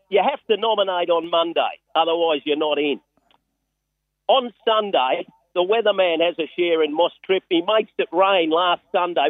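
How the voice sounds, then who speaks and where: An Australian man with a fairly high voice tells a story with bubbling excitement. He is calling in to a radio show, and his voice comes through a thin, phone-like line. The sound is close and dry. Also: dry recording. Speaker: weatherman and racehorse part-owner.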